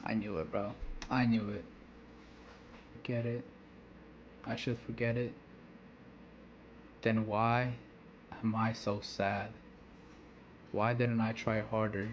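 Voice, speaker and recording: A man voicing a listless, empty teenage boy striker full of regret, read aloud quietly and flatly from a manga. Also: fairly low pitch, slow pace, pauses often, lo-fi sound, a little hiss or hum. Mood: regretful.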